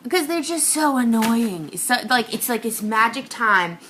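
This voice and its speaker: A young woman rants through a confessional comic monologue, mocking herself as she goes. Her voice is bright and tense. It swings from hushed whispers to high outbursts, over a faint background hiss. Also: animated, moderate pace.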